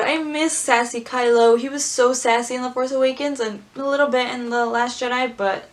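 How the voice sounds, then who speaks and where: A woman vlogger reading aloud and chatting casually, gushing and squealing with excitement. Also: on the high side, moderate pace, few pauses. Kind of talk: casual script-reading commentary.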